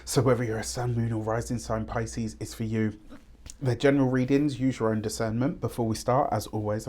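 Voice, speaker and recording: A man giving a weekly tarot reading, chatty and rambling, often pausing with fillers and asides. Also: medium pitch, flat delivery, a little mellow. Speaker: tarot reader.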